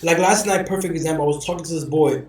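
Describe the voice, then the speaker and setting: A man hosting a podcast, telling stories in a casual, animated, profane way. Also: a little high, fast talker, echoey room. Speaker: podcast host. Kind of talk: casual chat.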